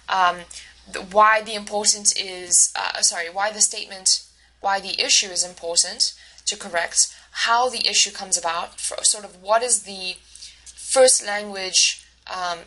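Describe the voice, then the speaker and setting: A woman's voice: medium pitch, sharp tone, poor audio. A woman instructor giving a recorded lecture, explaining step by step with frequent fillers and self-corrections. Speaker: university instructor.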